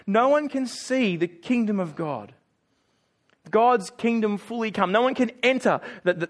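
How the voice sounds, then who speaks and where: A middle-aged man preaching a sermon in a conversational way with self-deprecating humor. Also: high voice.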